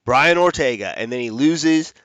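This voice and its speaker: A man giving his fight predictions in a loose, chatty way, wandering off on tangents and fixing his own mistakes as he talks. His voice sits at a middle pitch. He is recorded close and dry, with no room sound around him. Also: expressive, moderate pace, a bit bright, no echo, highs cut off. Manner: chatty, rambling with restarts and self-corrections. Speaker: MMA fight picks host. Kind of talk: casual fight prediction talk.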